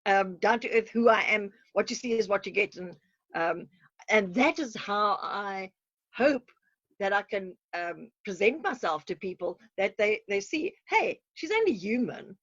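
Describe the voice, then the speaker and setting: A woman's voice: mid-range voice, expressive, measured pace, fairly bright tone, no echo. A woman, a guest on a video call interview, talking in a chatty, self-deprecating way and laughing often. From South Africa. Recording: dull muffled call audio.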